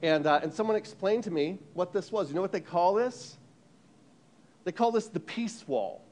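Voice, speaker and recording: American guy giving a sermon, kinda high voice, tells it like a story, lots of restarts. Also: moderate pace, slight background noise. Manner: animated storytelling with frequent restarts and repeated words.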